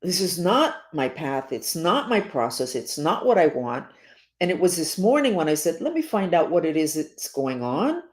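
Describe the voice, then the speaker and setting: A woman's voice: deep voice, big pitch swings, moderate pace. Earnest woman with an urgent tone. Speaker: spiritual teacher. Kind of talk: spoken monologue to listeners.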